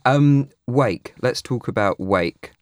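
A man's voice: mid-range voice, slow, no echo, clean studio sound. A male radio host introducing guests and songs, making light of his own slips. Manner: self-deprecating, jokes about his own slips. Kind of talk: radio presenting. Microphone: studio microphone.

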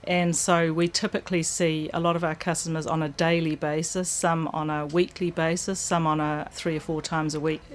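A New woman with a low voice speaks in a steady, fairly flat tone, chatty and keen as she runs through her bookshop picks. A faint hum of room noise sits behind her. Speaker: bookshop owner. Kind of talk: recorded interview clip.

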